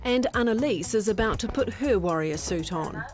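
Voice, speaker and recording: A woman's voice: mid-range voice, lively intonation, moderate pace. Woman narrating over music. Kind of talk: scripted documentary narration.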